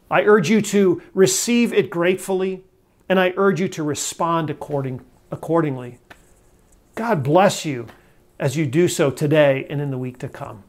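A man preaching a sermon as a pastor, earnest and measured, slowing down for emphatic scripture quotes. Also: on the high side.

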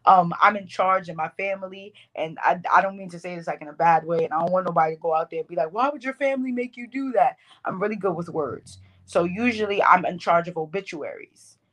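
A woman's voice: on the low side, quick pace, hardly any pauses. A young woman from the Bronx with a New York accent, a poet talking casually in an interview, loose and slangy with lots of fillers. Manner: loose, slangy, animated storytelling with many fillers. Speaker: poet guest.

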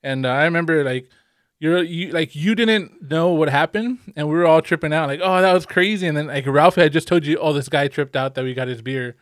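A man's voice: on the high side, a little fast, clear, resonant tone, no room sound, clean studio sound. A young man telling a rambling, profane story in casual podcast chat, laughing often. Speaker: podcast co-host.

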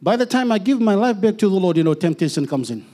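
A middle-aged man giving an earnest personal testimony as a preacher, halting with restarts and letting phrases trail off softly. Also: sits high, very animated.

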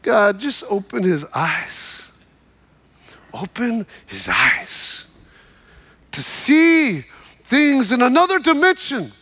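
A man preaching, voicing an unshaken male prophet who prays slowly in a low, hushed tone. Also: sing-song, heavily acted. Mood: solemn. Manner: slow, hushed, solemn. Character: calm unshaken old male prophet praying.

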